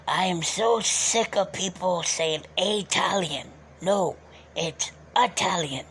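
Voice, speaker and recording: A man putting on a bossy, quick-tempered old Italian uncle in a strained, scratchy voice during a live stream. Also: high-pitched, fairly bright tone, full character voice. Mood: indignant. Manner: bossy, scolding, threatens and shoos people off. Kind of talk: live-stream character bit.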